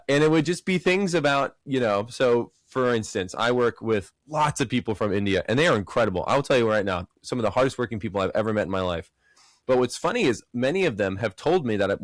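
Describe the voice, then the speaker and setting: Male podcast co-host, mid-range voice, animated storyteller, dry studio sound. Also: medium pitch, a little fast, no echo. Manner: animated storyteller, acts out quotes in raised voices. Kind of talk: casual podcast chat.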